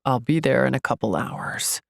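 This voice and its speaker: A woman voicing a kind young male friend on the phone, speaking low and gently. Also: normal speed, dry recording, clean studio sound, full character voice. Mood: warm. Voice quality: low and gravelly. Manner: gentle and caring.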